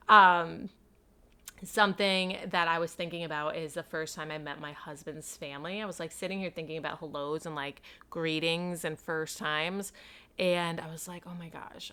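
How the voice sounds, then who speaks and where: A chatty woman in her thirties from New York tells stories alone on her podcast. Her voice sits a little low, but its tone is bright and forceful. She keeps breaking in with playful, self-mocking asides. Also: smooth. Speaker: podcast host. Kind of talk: casual solo storytelling.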